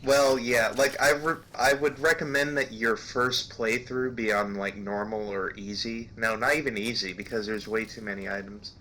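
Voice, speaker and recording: A man's voice: on the low side, fairly even intonation, moderate pace, few pauses, pushed and bright, slight background noise. A young man commenting casually on a video game, hesitant with lots of ums and uhs. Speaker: let's play commentator.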